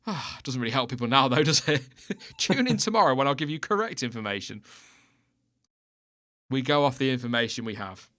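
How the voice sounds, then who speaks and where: A man in his thirties with a medium-pitched, expressive, slightly fast, somewhat bright voice hosts a casual live stream as a podcast host. He reads out timing data, chats with a co-host, and often laughs at himself, from a home setup with no footage.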